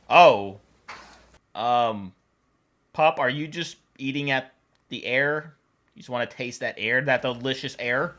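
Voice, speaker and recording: A woman's voice: very deep voice, slow, long pauses, fairly bright tone, soft background music. A woman hosting a reaction video, exclaiming, cooing and laughing as she comments on funny animal clips. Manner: laughs often.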